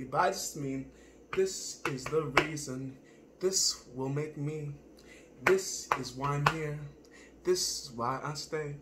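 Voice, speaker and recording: A man's voice: on the high side, background noise. A man delivering an improvised spoken-word monologue, rambling and self-searching, with frequent swearing.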